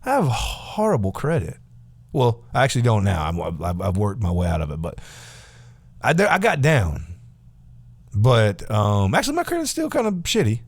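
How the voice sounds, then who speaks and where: A man's voice: fairly low pitch, huge pitch swings, moderate pace, dry recording. A man in his forties ranting casually to camera, rambling, sarcastic and profane. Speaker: vlogger.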